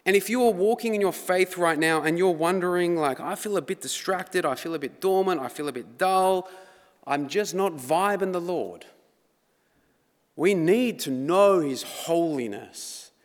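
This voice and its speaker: A man's voice: sits high, lively intonation, a little slow. A man preaching a sermon, conversational but building to dramatic emphasis. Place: church hall. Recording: long reverb of a church hall.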